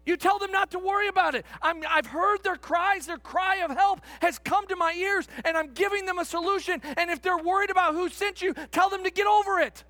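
A man's voice: very high voice, fairly quick, hardly any pauses, pushed and bright, dry recording, pitched above the performer's own voice. A man voicing a commanding male God who makes emphatic, punchy declarations.

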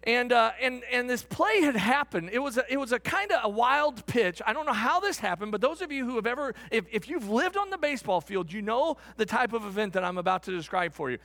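A middle-aged man preaches a sermon with a high, ringing voice. His pitch leaps and dips widely as he tells his story. He shifts from excited shouting to hushed, quiet moments. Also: fairly quick, few pauses. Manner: animated, swings from shouting to hushed. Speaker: pastor.

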